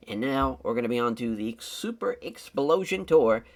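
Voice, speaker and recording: A man talks through his game in a loose, rambling way. His pitch jumps all over the place as he chats. It sounds like relaxed commentary from a channel host. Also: moderate pace. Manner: rambling and conversational, with lively swings in pitch. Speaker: host of a wrestling sim let's-play channel.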